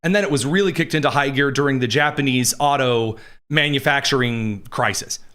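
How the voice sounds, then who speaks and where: A man's voice: mid-range voice, brisk, a bit bright. A man hosting a political commentary show, talking in a sarcastic, rambling way. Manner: sarcastic, digressive. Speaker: host.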